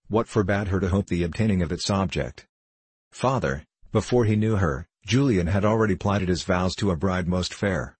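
A man's voice: low-pitched, husky, no room sound. A man reading the part of an anguished young novice monk, in an impassioned, faltering, pleading voice.

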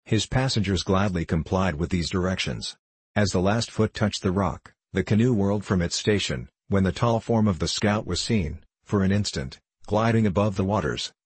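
A man narrating a classic adventure novel in a steady, measured reading. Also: low voice, husky, no echo. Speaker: audiobook narrator.

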